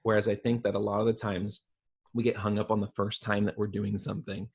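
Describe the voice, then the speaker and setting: Earnest man with a husky voice. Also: lowish voice, completely flat delivery, a little fast. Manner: earnest, builds points with repetition. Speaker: podcast guest. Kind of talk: casual conversational chat.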